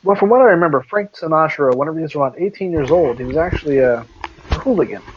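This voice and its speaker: A man's voice: fairly high pitch, animated, fast talker, a little hiss or hum. A man co-hosting a podcast in casual chat, teasing and laughing often. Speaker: podcast co-host. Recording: dull lo-fi recording.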